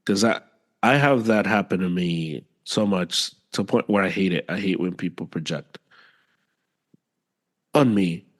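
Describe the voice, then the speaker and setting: A man co-hosting a casual podcast with a low-pitched voice. He talks loosely and conversationally, repeating phrases for emphasis and getting exasperated as he vents. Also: a little slow, pauses often. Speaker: podcast co-host. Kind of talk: casual chat.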